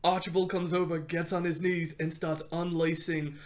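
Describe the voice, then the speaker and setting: A man hosting a podcast, telling a history story in an animated, casual way and laughing often. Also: fairly high pitch, moderate pace. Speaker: podcast host.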